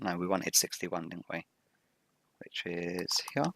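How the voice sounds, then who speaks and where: A man with a low, rough morning voice talks through his gameplay as a video game host. His delivery stays level and even, and he explains each step in a methodical, matter-of-fact way. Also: a little slow, a little hiss or hum. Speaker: Let's Play host. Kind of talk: gameplay commentary.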